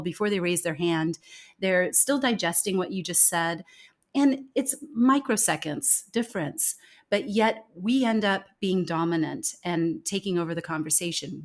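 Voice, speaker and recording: A woman speaking as a guest in a conversational podcast interview, talking with emphasis and growing animated when she quotes others. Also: mid-range voice. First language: English.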